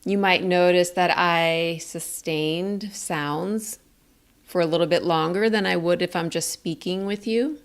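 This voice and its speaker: A woman teaching a communication lesson in a calm, clear, explaining way. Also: fairly low pitch. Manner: calm, explains slowly and clearly, demonstrates statements. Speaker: communication coach.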